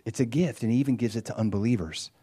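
A man preaching a sermon in an animated way, acting out quoted voices as he retells stories. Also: fairly low pitch, fast talker, breathy edge. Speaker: pastor.

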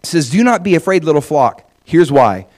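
Animated man preaching a sermon. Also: on the high side, a little fast. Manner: animated, acts out God's voice in quotes. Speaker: pastor.

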